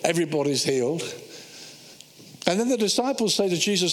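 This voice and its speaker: Man, sermon, high voice, lively storytelling, acts out voices, echoey hall. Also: a little fast, long pauses. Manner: animated storytelling, acting out biblical voices. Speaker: preacher.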